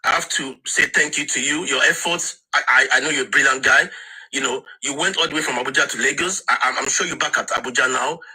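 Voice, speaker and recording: A man's voice: mid-range voice, quick pace, sharp tone, husky, rough recording. A man speaking on an online discussion panel, emphatic and insistent, often repeating words as he restarts.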